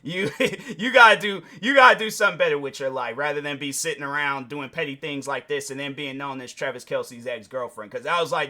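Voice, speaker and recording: A male YouTube reaction host with a bright, forceful voice a little higher than typical for a man gives casual opinion commentary, talking a little fast with hardly any pauses. He's animated and slangy, speaks straight to his viewers, and now and then breaks into excited, high impressions of other people.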